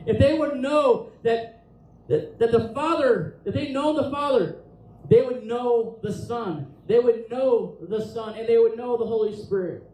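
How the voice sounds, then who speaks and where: High-voiced man preaching in an echoey church. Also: unhurried, warm tone. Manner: impassioned preaching, reads scripture aloud with emphasis. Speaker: pastor. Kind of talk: sermon. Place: church sanctuary. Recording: echoey church room, distant mic.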